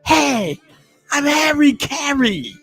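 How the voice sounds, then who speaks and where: A man's voice: very high-pitched, sing-song, slow, creaky, fairly bright tone, voice pushed up, exaggerated voice. A man putting on the voice of a boisterous older baseball announcer in a goofy impression, over faint music.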